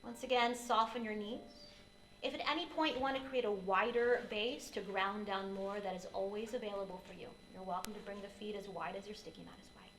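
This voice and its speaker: A woman leads a yoga class in a soft, unhurried way, cueing each breath and posture. Her voice sits at an ordinary middle pitch and rings a little around an echoey studio. A faint hum of room ambience stays underneath. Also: steady tone. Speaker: yoga teacher. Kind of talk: guided yoga class instruction.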